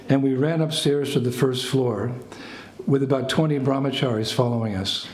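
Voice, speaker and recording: American man telling a lively story. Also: mid-range voice, a little fast, a crowd in the background. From United States. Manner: animated anecdotes, laughs, acts out French phrases. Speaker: spiritual teacher. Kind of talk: storytelling talk to a small group. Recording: echoey room with faint ambient noise.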